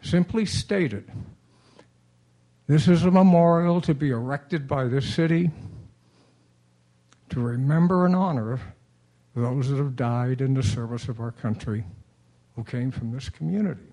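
A man's voice: mid-range voice, a little slow, long pauses, dark tone. A man giving a formal, earnest public comment at a city council meeting. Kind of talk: prepared public comment speech.

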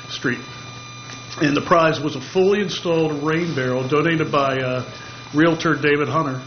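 A man with a slightly raised voice gives friendly community announcements at a public meeting, filling pauses with "uh." The audio is muffled, and a steady hum runs clearly underneath. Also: on the high side. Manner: friendly, frequent "uh" fillers. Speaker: chamber of commerce representative.

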